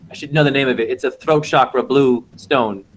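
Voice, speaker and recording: A man's voice: medium pitch, brisk, slight background noise. A man hosting a casual online panel, lecturing in a rambling way with wordplay over a video call.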